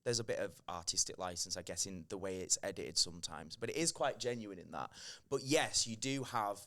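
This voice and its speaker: Man, 30s, somewhat low voice, casual chat, animated storyteller. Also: a little fast. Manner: animated storytelling, acts out quoted lines. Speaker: podcast guest.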